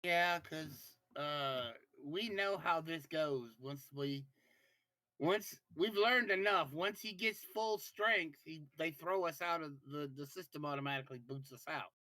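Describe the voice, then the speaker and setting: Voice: medium pitch, unhurried, pushed and bright, poor audio. A player in a casual tabletop game who swears freely and talks with lots of energy.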